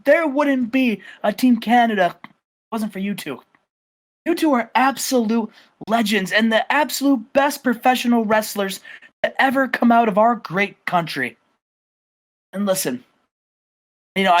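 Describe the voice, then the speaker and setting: A man's voice: high-pitched, a bit bright, voice pushed up. A man voicing a male wrestler giving a rousing, emphatic speech full of praise. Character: male wrestler hyping up his heroes, then betraying them.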